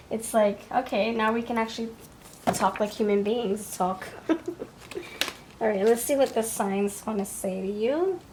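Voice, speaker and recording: A woman's voice: mid-range voice, a little mellow, a little hiss or hum. A woman with a New York accent giving a pick-a-card tarot reading, chatty and thinking aloud as she goes. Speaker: tarot reader.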